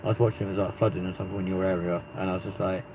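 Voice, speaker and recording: A man's voice: deep voice, flat delivery, very fast. A man with a London accent hosting a live stream, chatting casually in rambling banter and swearing freely. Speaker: livestream host. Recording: muffled lo-fi with faint noise.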